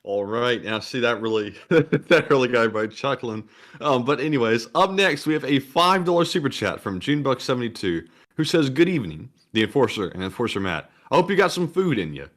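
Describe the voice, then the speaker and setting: A man's voice: mid-range voice, sing-song, a little fast, a bit bright. A man co-hosting a livestream, reading out viewer messages in a laid-back, easy manner. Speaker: co-host reading viewer chats. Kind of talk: livestream chat.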